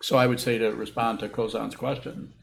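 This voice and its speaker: Male Buddhist teacher, thoughtful and halting, live hall recording with echo. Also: medium pitch, level tone, vocal fry. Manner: halting, thoughtful, repeats words as he rethinks. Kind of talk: dharma talk answering questions. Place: meditation hall with a group. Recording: echoey room with faint hiss.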